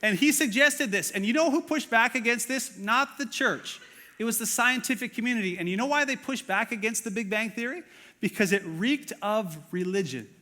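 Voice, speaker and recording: Bright-voiced pastor preaching in a hall. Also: male voice, extremely high pitch, normal speed. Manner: earnest, conversational, many "uh" fillers, asks the congregation questions. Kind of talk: sermon. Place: church auditorium.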